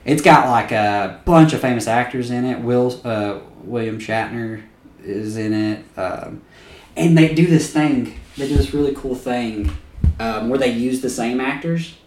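A man's voice: medium pitch, a little slow, a little mellow, echoey room, recorded from a distance. A man co-hosting a podcast in casual chat, enthusiastic and loose, swearing freely as he gushes. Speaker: podcast co-host.

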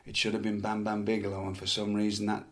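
A middle-aged man from England spins lively stories from his wrestling years. He repeats words as he builds up a tale, breaks into laughs, and keeps a fairly low voice. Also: fast. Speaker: former wrestler, guest. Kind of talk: casual storytelling chat.

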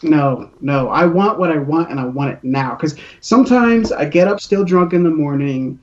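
A man's voice: a little high, moderate pace, far from the mic, muffled recording. A man in a casual podcast chat, blunt and swearing.

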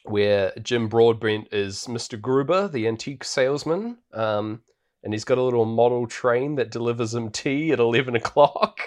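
A man's voice: mid-range voice, moderate pace. A man co-hosting a podcast, recapping a movie in casual chat, full of fillers and frequent laughter. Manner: rambling, laughs often, many fillers. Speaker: podcast co-host. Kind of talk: casual film-review chat.

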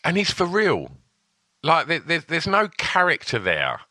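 A man's voice: on the high side, huge pitch swings, measured pace, sharp tone, dry recording. A man co-hosting a podcast, talking enthusiastically and repeating himself for emphasis. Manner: enthusiastic, asks co-host questions, repeats for emphasis. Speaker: podcast co-host. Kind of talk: casual chat.

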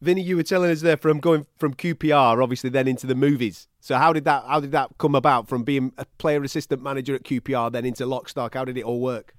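Male host voice, plain pitch, asks questions, dry recording. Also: fairly even intonation, quick pace, few pauses, no room sound. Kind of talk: interview questions.

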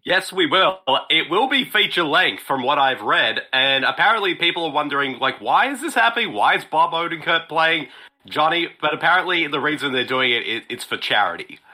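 Bright, animated man chatting. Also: a little high, brisk. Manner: laughs often, animated. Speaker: podcast co-host. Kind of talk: casual movie commentary chat.

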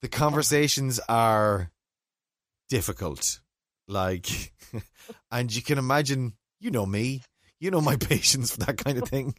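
A man with an Irish accent tells a story in a loose, chatty way, laughing often and now and then breaking into a shout. His voice sits at an ordinary pitch for a man. The recording is close and dry. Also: lively intonation, unhurried, no echo. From Ireland (County Mayo). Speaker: podcast co-host. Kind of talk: casual chat.

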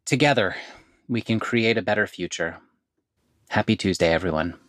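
A man hosting a podcast, giving practical advice in a direct, earnest way and slowing down to spell out phone numbers. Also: fairly low pitch, a bit bright, dry recording, clean studio sound, soft background music. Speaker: podcast host. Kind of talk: informational podcast talk.

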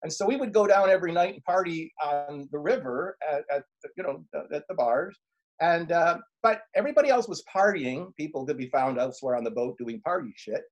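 Middle-aged male life coach, slightly husky voice, animated interview storyteller who acts out his quotes. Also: on the high side, fairly quick, lo-fi sound.

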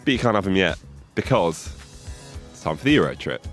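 A man's voice: low voice, very animated, a little fast, a bit bright, soft background music. A man co-hosting a podcast outdoors by a river, playful and reeling off facts in casual chat. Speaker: podcast co-host.

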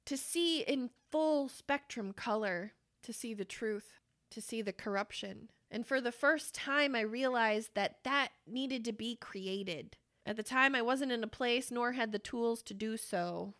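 A woman in her late twenties hosting a podcast, delivering an impassioned monologue, blunt and profane, slowing down hard on the phrases she wants to land. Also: on the high side, a bit bright. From Wisconsin, US. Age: late 20s. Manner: blunt, profane and fiercely emphatic; slows down for emphasis on key phrases. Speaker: podcast host.

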